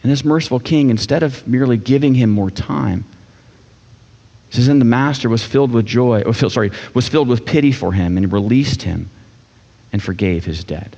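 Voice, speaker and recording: A man's voice: mid-range voice, normal speed, vocal fry, dark tone. Male pastor, casual and jokey, slightly muffled, long hall reverb. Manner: casual, joking preacher voicing characters. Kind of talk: sermon. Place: church sanctuary. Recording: dull sound with long church reverb.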